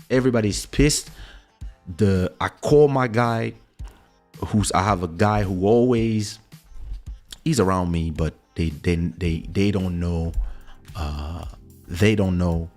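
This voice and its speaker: A man, telling a personal story in a casual, animated way and acting out the voices of the people in it. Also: lowish voice. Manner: animated, acts out quoted voices. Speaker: podcast host telling a story.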